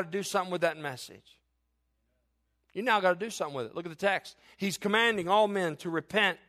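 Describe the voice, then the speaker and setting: Impassioned high-voiced male preacher. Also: fairly quick. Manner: impassioned, rising to near-shouts on key points. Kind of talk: sermon.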